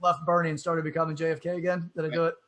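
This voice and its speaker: A man's voice: fairly high pitch, little pitch movement, rapid-fire, fairly bright tone, rough recording. A man hosting a podcast, chatting bluntly and profanely about politics. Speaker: podcast host. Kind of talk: casual political chat.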